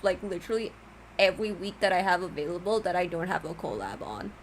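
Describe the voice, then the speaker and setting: A woman streamer giving casual let's-play commentary, gushing, excitable and giddy. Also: medium pitch, normal speed, a little hiss or hum.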